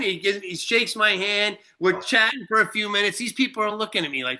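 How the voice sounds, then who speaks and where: The man is a guest storyteller from Shelter Island, New York, rattling off a long, profane anecdote full of fillers and restarts. He speaks at a normal speed with hardly any pauses, his high-pitched voice expressive and sharp.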